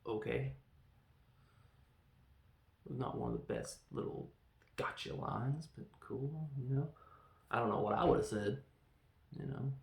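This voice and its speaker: A man with a dark, gravelly voice retells a film scene by scene in a loose, rambling podcast recap. He acts out the characters' lines and adds sound effects as he goes. The recording is roomy and echoey, with a faint hiss of noise behind him. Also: medium pitch, takes it slowly, pauses often. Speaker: podcast host reviewing films. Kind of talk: casual movie recap.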